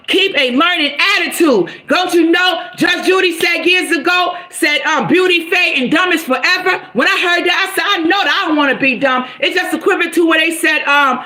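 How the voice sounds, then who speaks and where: A middle-aged woman giving an animated, preachy motivational talk on a live stream, with folksy endearments and bursts of exclamation. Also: high voice. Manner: folksy, calls viewers baby girl and honey.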